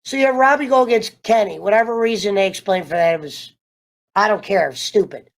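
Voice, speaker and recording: A man casually ranting through a TV show review, animated and profane, wandering off on tangents. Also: high-pitched, fairly quick, creaky. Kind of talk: casual rambling rant.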